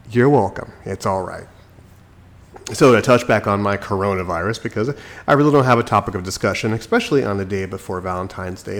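A man's voice: lowish voice, creaky. A sick man hosting his own podcast, talking alone into a microphone in a chatty, preachy, self-mocking way. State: sick, recovering from illness. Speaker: podcast host. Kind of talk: solo podcast monologue. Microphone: desk microphone.

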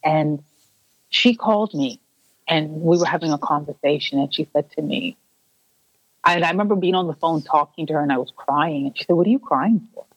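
A woman's voice: low voice, fairly quick, no room sound, muffled recording. A woman interview guest earnestly recounting a personal story, restarting her sentences and acting out the voices she quotes.

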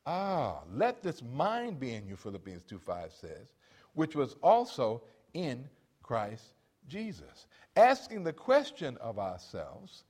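A man's voice: a little high, wildly swooping pitch, slow, darkish tone. A middle-aged man preaching a sermon as pastor, calling on the congregation for amens between points. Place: church.

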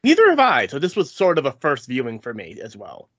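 A man's voice: mid-range voice, wildly swooping pitch, fairly quick, a bit bright, breathy edge, no echo. A man co-hosting a podcast, chatting casually and explaining background details. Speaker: podcast co-host. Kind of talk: casual chat. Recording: dull lo-fi sound.

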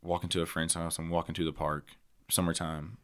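A man's voice: low-pitched, flat delivery, brisk, a bit bright. A man co-hosting a podcast, talking bluntly and heatedly with heavy swearing in casual chat. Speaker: podcast co-host.

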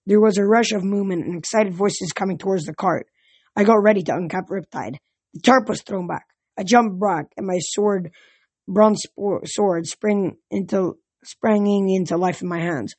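Brief: amateur storybook narrator, husky voice, frequent stumbles, dry close sound. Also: medium pitch, moderate pace, a little mellow, dry recording. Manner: stumbling over words and restarting. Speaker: audiobook reader.

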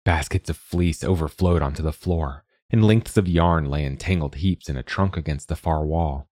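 A man reading a story aloud in a measured, even narration. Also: extremely low pitch, dry recording, clean studio sound.

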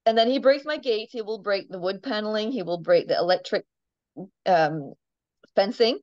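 A chatty woman tells farm animal stories in a relaxed interview, with frequent laughs and easy "um"s. The sound is dry and a little muffled, with no room echo. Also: mid-range voice, normal speed. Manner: chatty storyteller, laughs often, many ums. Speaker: farm animal owner, guest. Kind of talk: casual interview chat.

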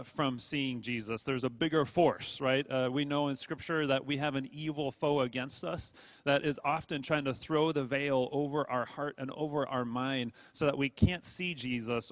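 A man's voice: medium pitch, a bit bright, no echo. A man preaching a sermon to a congregation in an earnest way, often repeating words and checking in with the room. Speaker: pastor.

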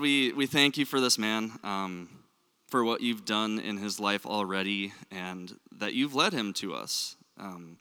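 A man's voice: lowish voice, sharp tone, clean tone. A man with a Minnesota accent leading a church service, reading a poem and praying, with casual joking asides and frequent ums. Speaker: director of student ministries. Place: church sanctuary. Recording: long hall reverb in a church.

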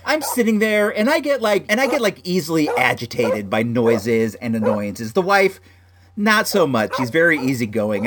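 A man hosting a podcast, telling a story in a casual, animated way with lots of "like" fillers. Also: on the high side, background noise. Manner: animated, heavy use of "like" fillers.

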